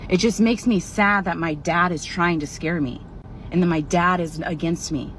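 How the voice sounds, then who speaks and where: A woman with a notably low, deep voice pours out a bitter, profanity-laced monologue straight to the camera. Clear background noise and passing vehicles run under her words. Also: normal speed, fairly bright tone, rough recording. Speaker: person venting in a video clip.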